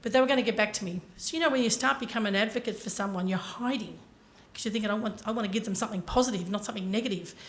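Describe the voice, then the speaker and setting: Fast-talking woman telling a story. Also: mid-range voice. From Ireland. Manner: earnest, addresses audience directly. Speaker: conference speaker. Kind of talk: motivational storytelling talk.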